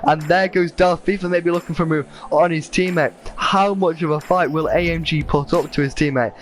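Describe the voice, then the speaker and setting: A man commentating a sim racing event with excited play-by-play, saying he is losing his voice. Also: fairly high pitch, fairly quick. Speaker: race commentator.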